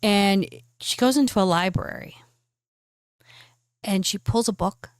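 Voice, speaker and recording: A woman game master narrating scenes in a loose, chatty way, filling pauses with "uh" and restarts. Her voice sits at an ordinary middle pitch. The recording is close and dry. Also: clear, resonant tone, no room sound. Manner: casual and chatty, with fillers.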